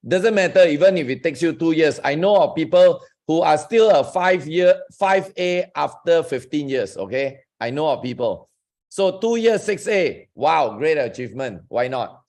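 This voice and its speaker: A man with a slightly raised pitch coaching over a video call. He speaks in an emphatic, motivational way, cheering his listeners on and asking them direct questions. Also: lively intonation, moderate pace, a little mellow. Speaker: network marketing coach hosting a Zoom session. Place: online Zoom group call.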